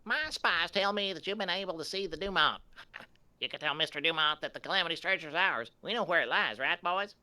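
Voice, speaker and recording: A man's voice: fairly high pitch, brisk, pushed and bright. A man voicing a smug, boastful pirate salvage boss in a game. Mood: gloating. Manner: boastful, gloating. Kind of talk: game voice acting.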